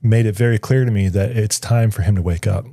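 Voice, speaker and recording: A man's voice: on the low side, brisk, gravelly, warm tone, no echo. A man, a guest on an interview show, tells a personal story in a studio, thinking aloud and often restarting his sentences. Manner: reflective, searching for words with frequent restarts. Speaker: guest, writer.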